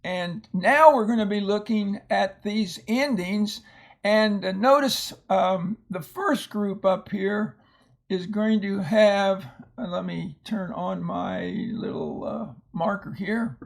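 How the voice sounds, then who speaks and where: An older man teaching a recorded phonics lesson, explaining patiently and slowly with many fillers and restarts. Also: high-pitched, lively intonation, vocal fry.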